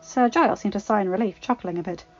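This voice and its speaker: A woman's voice: medium pitch, fast, darkish tone, muffled recording, soft background music. A woman narrating fan fiction aloud with dramatic expression. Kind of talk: storybook reading.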